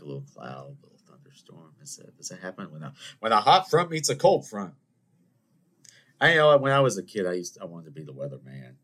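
A young man, talking on his own podcast. His voice sits fairly low, and he rambles from one story to the next in an animated, self-mocking way. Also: breathy edge. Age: 20s. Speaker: podcast host. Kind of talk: casual solo rambling chat.

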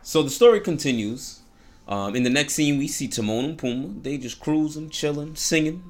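A man's voice: on the high side, lively intonation, moderate pace, faint music behind. A man casually retelling a story in slang, breaking off into preachy asides about hope. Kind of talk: casual storytelling with a moral message.

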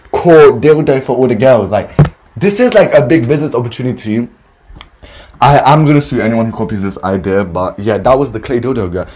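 Husky young man ranting. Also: medium pitch. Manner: animated, profane, ranting. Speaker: podcast host telling retail stories. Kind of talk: casual storytime rant.

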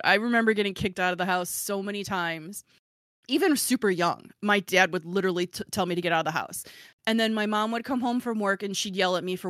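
A woman's voice: mid-range voice, lively intonation, fairly quick, fairly bright tone, no room sound, studio quality. A woman hosting a podcast and chatting casually, rambling and self-deprecating with frequent giggles. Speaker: podcast host and author. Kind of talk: casual chat.

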